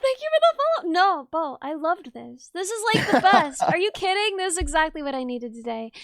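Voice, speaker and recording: A woman's voice: very high voice, big pitch swings, brisk, very noisy. A woman hosting a live stream, gushing over a guest's story and thanking new followers in casual chat. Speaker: streamer host.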